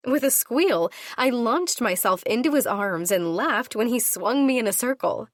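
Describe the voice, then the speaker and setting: A woman narrating a first-person audiobook into a studio microphone, playful and expressive in her delivery. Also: medium pitch, unhurried, few pauses, no echo.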